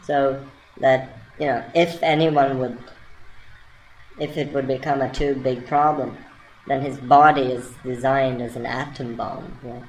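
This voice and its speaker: A woman telling a surreal, playful story in a halting, rambling way with many restarts. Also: extremely low pitch, fairly even intonation, darkish tone, a little hiss or hum, poor audio. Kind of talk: rambling spoken monologue.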